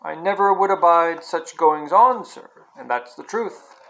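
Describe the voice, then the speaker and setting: A man's voice: fairly high pitch, measured pace, creaky, bright, forceful tone, full character voice. A man voicing a humble, earnest London cabbie with a Cockney accent, speaking hesitantly and plainly. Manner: modest, hesitant, homely speech.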